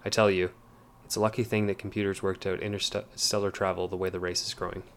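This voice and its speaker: A self-assured father traveling through space, read by a man in a deep, even voice. He speaks briskly and brushes aside doubts in a storybook reading. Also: creaky, slight background noise. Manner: assured, dismissive.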